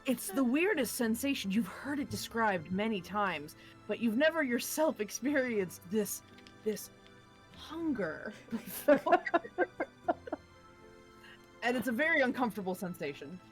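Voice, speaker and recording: A woman's voice: fairly high pitch, very animated, a little slow, soft background music. A woman narrating a tabletop game as dungeon master, hesitant with many fillers and casual swearing.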